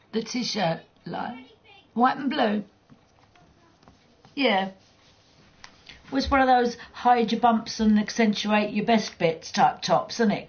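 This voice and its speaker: A woman chats and teases her viewers while gaming, blunt and quick to swear. Her voice is husky and breathy, with a gravelly edge. The sound is dull and lo-fi, like a cheap stream mic. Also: mid-range voice. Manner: blunt, teasing, swears freely, laughs often. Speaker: livestreamer. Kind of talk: casual chat while gaming.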